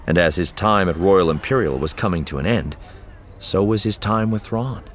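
A man narrating an audiobook in an expressive, storytelling manner. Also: low voice, normal speed, a little hiss or hum. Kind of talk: scripted narration.

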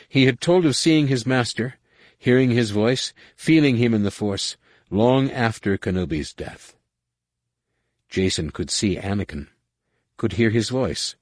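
A man reading a dramatic novel aloud in a measured storytelling manner. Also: on the low side, dry recording. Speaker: audiobook narrator. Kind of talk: scripted narration.

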